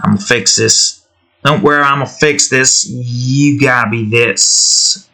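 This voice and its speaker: A man with a mid-range, creaky, bright voice speaks a little slowly in a forceful tone. He's hosting his own channel, drawing on stream while casually rambling to himself, trailing off and thinking aloud.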